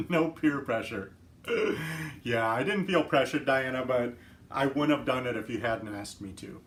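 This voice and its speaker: A man's voice: medium pitch, a little slow, a little hiss or hum. Chatty man hosting a live stream. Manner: chatty, laughs often, greets viewers by name. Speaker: livestream host. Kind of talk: casual chat.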